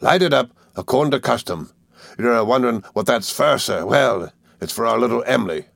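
A man voicing a hearty, jovial old fisherman with a broad rustic dialect and booming laughs. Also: animated, fairly quick, gravelly, a bit bright, no room sound, studio quality, full character voice.

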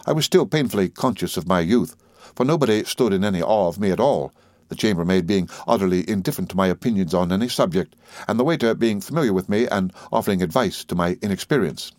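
Low-voiced man reading a classic novel. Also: dry recording. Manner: measured, expressive literary reading. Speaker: audiobook narrator. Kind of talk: scripted first-person narration of a classic novel.

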